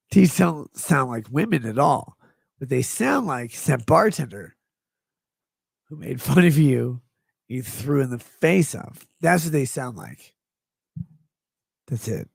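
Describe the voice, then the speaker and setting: A man's voice: medium pitch, creaky, a little mellow, husky, no echo. A man hosting a livestream, reading chat messages aloud and rambling in a profane, jokey way. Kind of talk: casual rambling stream chat.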